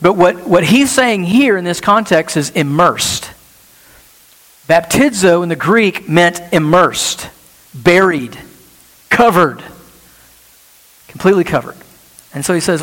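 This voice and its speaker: A man preaching a sermon as pastor, animated and full of rhetorical questions, recorded in a church sanctuary. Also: high-pitched, a little slow, long pauses. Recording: long reverb of a church hall.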